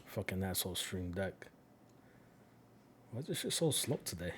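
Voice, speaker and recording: A man's voice: low-pitched, big pitch swings, moderate pace, a little hiss or hum. A man with a New York accent, chatting casually with his live-stream audience, swearing freely and dropping in Spanish phrases. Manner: profane, talks straight to his chat and drops in Spanish.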